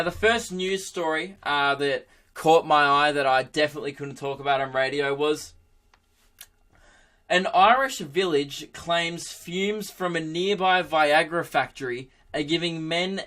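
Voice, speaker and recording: A young man in his twenties hosts a podcast in a loose, comic monologue. His voice is bright and sits a little high. He jokes crudely, laughs often and keeps the energy animated. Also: unhurried. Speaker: podcast host, comedian. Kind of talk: casual comedic monologue.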